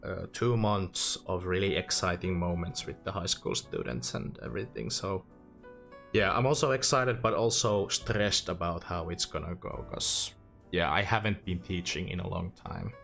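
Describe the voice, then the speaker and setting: A man's voice: low voice, moderate pace, gravelly, fairly bright tone, faint music behind. A young man with a Finnish accent chatting casually on a game stream, self-deprecating and talkative. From Finland. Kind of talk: casual gaming stream chat.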